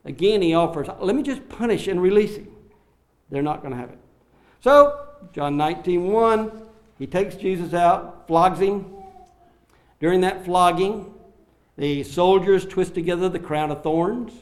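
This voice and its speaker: A man preaching an expository sermon, acting out the quoted lines with swings in loudness and slowing down on key phrases. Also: high voice. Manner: dramatic, acts out the quoted lines with sharp rises and drops in loudness.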